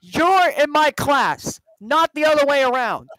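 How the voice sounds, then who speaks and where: A man doing an impression of a pompous, shouting villain teacher who lectures in a bossy, superior way. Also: sits high, lively intonation, a little slow, dry recording, voice pushed up, rough recording. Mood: superior scolding. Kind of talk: movie quote impression.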